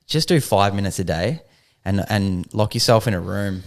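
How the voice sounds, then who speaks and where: A man's voice: fairly low pitch, expressive, moderate pace. A man co-hosting a podcast in casual chat, laid-back, swearing freely and using lots of fillers. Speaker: podcast co-host.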